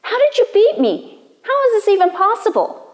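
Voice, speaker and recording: A woman's voice: sits high, very animated, fairly quick, a little mellow, big-room sound, pitched above the performer's own voice. A woman voicing a boastful young male fox, indignant and incredulous, in a told folk tale. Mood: baffled.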